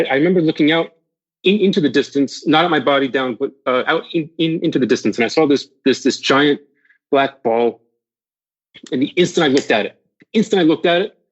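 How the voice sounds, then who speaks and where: A man's voice: medium pitch, lo-fi sound. A man as a podcast guest candidly recounting a personal near-death story, swearing freely and often restarting his sentences.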